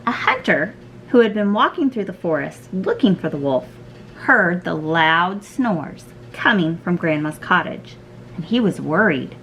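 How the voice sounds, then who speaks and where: A woman reading a fairy tale aloud as a library storyteller, slow and expressive. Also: fairly low pitch, faint music behind, poor audio.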